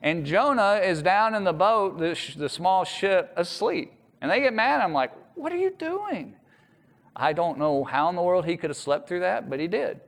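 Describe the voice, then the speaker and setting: Animated preacher in an echoey hall. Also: male voice, high-pitched, normal speed, vocal fry, hardly any pauses. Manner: animated storytelling with voiced quotes. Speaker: pastor. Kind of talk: sermon. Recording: echoey hall with long reverb.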